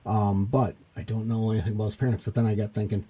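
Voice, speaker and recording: Low-voiced business-owner guest, husky and dark, rambling and thoughtful. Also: male voice, level tone, fast. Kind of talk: casual conversation.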